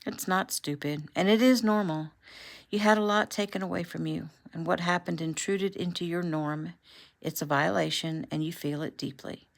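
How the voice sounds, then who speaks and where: A steady, caring father talks his son through hard news, gentle and sure, voiced by a woman reading aloud. The voice sits low with a gravelly edge. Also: normal speed. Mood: reassuring. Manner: gentle, reassuring. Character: calm, caring middle-aged father consoling his son.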